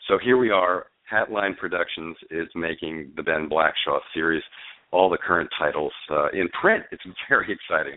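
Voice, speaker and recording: A male novelist and screenwriter telling his story in a phone interview, animated but halting, with fillers and restarts. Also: low-pitched, no echo. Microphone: telephone. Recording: dry tinny phone line.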